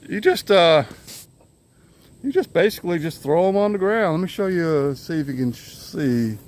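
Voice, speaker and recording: A man's voice: a little high, lively intonation, normal speed, darkish tone. An older man, vlogging casually to his phone camera outdoors in his yard. He rambles in an easygoing way and chuckles often. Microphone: handheld phone camera.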